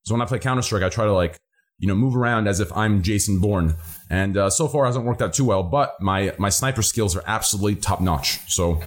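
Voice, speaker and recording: A man hosting a charity livestream, introducing guests in an excitable, rambling way with lots of fillers. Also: on the low side, brisk. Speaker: charity stream host. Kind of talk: casual chat.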